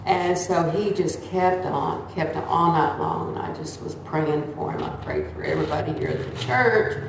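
Older woman, seventies, casual testimony, slightly low pitch, heard from across an echoey room. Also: moderate pace, vocal fry, a little hiss or hum. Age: 70s. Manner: chatty, acts out quoted voices. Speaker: church member sharing a testimony. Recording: echoey room, distant mic.

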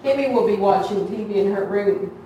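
A woman's voice: medium pitch, a little fast, warm tone, lo-fi sound, a little hiss or hum. A woman giving a heartfelt, conversational testimony to a church congregation. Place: church hall. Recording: echoey hall from far off.

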